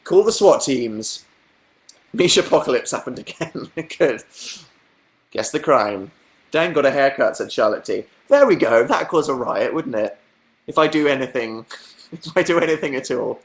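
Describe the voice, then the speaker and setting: A man's voice: animated, normal speed. A young man chatting casually on a livestream, telling stories, reading comments and laughing often. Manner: chatty storytelling, acting out quotes in higher voices, laughing. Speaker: livestream host.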